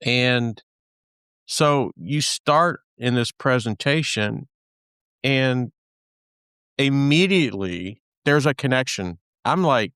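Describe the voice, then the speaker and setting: A man's voice: mid-range voice, lively intonation, takes it slowly, a bit bright, clear, resonant tone, dry recording, studio quality. A man from Texas hosting a podcast in casual chat, rambling with lots of fillers and restarts. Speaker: podcast host.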